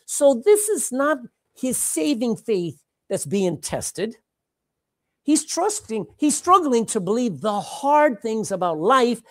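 A woman preaching a sermon, dramatic and animated, repeating phrases for emphasis and swinging between loud and hushed. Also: a little high, slow, no echo, clean studio sound.

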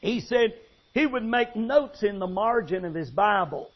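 A man's voice: high-pitched, lively intonation, measured pace. A man preaching a sermon with emphatic storytelling. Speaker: pastor. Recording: dull lo-fi sound.

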